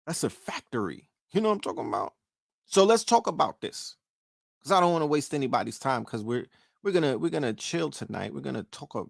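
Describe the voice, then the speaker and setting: A middle-aged podcast host with a New York accent runs a casual livestream, swearing freely and firing questions at his listeners. His medium-pitched voice is creaky, and the recording is dry and studio quality.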